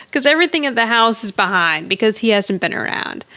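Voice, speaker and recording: A woman's voice: fairly high pitch, animated, brisk, sharp tone. A woman co-hosting a podcast, chattily recapping a TV episode and often laughing. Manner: retells scenes chattily, acting out dialogue, laughs often. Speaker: podcast co-host.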